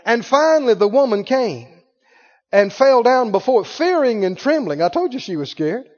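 A man's voice: very high-pitched, big pitch swings, moderate pace. A man preaching a sermon to a congregation, emphatic, acting out the people in the story. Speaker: pastor. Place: church sanctuary with a congregation. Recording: dull sound in a reverberant church hall.

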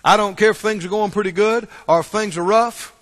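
A man's voice: high-pitched, steady tone, fairly quick, a bit bright. A man preaching a sermon to a church congregation, emphatic and repetitive, drawing call-and-response from the room. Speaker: pastor. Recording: long hall reverb.

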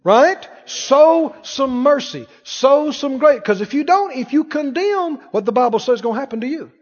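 A man's voice: extremely high pitch, expressive, moderate pace. A male pastor preaching an emphatic sermon to his congregation, firing off rhetorical questions and having them repeat his words. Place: church hall with congregation. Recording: dull reverberant church recording.

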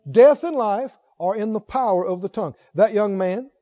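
Middle-aged male preacher, high but mellow voice, emphatic sermon delivery, lo-fi recording. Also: normal speed. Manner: emphatic, asks the congregation rhetorical questions. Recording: dull lo-fi recording.

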